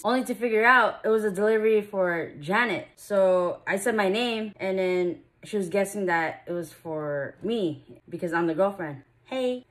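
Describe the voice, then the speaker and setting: A young woman vlogging casually, chatty and excitable, sometimes breaking into happy tears. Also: medium pitch. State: out of breath. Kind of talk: casual vlog, opening an anniversary gift.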